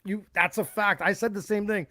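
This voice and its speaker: A man's voice: high-pitched, fairly even intonation, a little fast, pushed and bright, dry recording, studio quality. A man co-hosting a podcast, talking casually and agreeing emphatically, with some swearing. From Canada. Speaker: podcast co-host. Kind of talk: casual chat.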